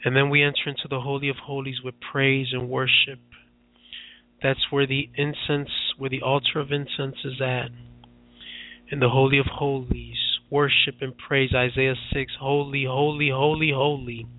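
A man's voice: medium pitch, level tone, moderate pace, no echo. A man who is a radio preacher, leading fervent prayer with repetitive, impassioned declarations. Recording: tinny phone-like line.

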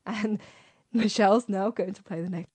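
A British woman co-hosting a casual radio chat show and reading a comic poem aloud with brisk, playful emphasis. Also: mid-range voice, steady tone, darkish tone, breathy edge. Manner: brisk, chatty, reads verse with comic emphasis. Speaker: co-host.

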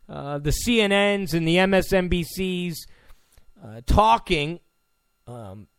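A man's voice: sits high, a bit bright, smooth, no echo, clean studio sound. A man hosting a political commentary show, delivering a combative rant and repeating phrases for emphasis. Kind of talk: ranting political monologue.

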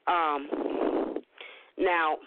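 A woman's voice: deep voice, steady tone, extremely slow, background noise. A woman in her forties, a psychic talking casually to her listeners, swearing freely and addressing them directly. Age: 40s. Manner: profane, folksy, keeps addressing listeners directly. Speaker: psychic giving predictions. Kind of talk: casual spiritual monologue. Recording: tinny phone line, dry.

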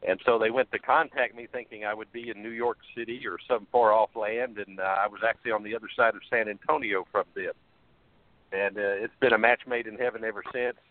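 A man, a pastor, calling into a radio show and talking in an earnest, measured way over a faint phone line. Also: on the low side, steady tone, no echo. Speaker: pastor and caller.

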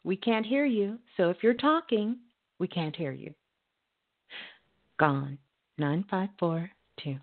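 A woman hosting a call-in radio show, giving calm spiritual advice with folksy, chatty asides. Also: fairly low pitch, slow pace, long pauses. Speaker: radio call-in host and psychic medium. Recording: phone-like narrow audio.

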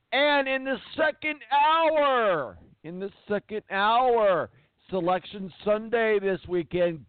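A man's voice: a little high, no room sound. A man hosting a sports talk radio show, opening with playful, grandiose showmanship. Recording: dry, tinny phone-like audio.

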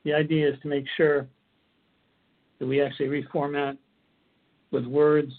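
A man's voice: fairly high pitch, level tone, moderate pace. A man giving an earnest instructional talk on coping techniques, often restarting his phrases as he explains. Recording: tinny phone-like audio.

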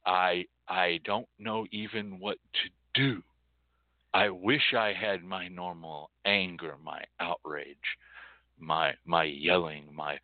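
A man hosting a show in an impassioned monologue, swinging from loud outbursts to hushed, near-whispered dread. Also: sits low, no echo. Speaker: show host. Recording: tinny phone-like audio, dry.

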